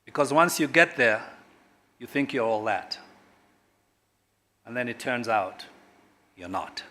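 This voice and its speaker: A middle-aged man from Kenya, a government guest speaker at a corporate launch, speaks emphatically and swings sharply between loud and quiet. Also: medium pitch, unhurried. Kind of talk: public speech at a corporate launch.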